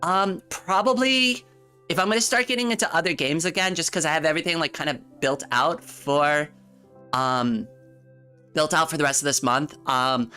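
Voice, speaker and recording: A woman's voice: low voice, normal speed, sharp tone, smooth, soft background music. A woman livestreamer in casual chat, talking straight to her viewers, giggling often and repeating words as she thinks.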